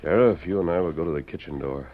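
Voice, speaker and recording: The Lone Ranger, a booming deep masked hero played by a man. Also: a little hiss or hum, lightly acted. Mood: commanding. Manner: firm, measured, commanding. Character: masked lawman hero, calm, commanding. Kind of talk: 1940s radio acting. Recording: dull old radio recording.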